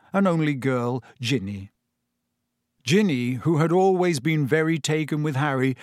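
Male storybook narrator, animated delivery, dry studio sound. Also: fairly high pitch, no echo. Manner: expressive, voices each character. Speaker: audiobook narrator.

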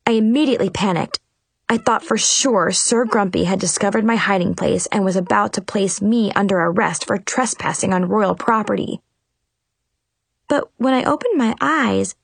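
A woman narrating a playful first-person story in an animated, dramatic way. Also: medium pitch, creaky, dry recording.

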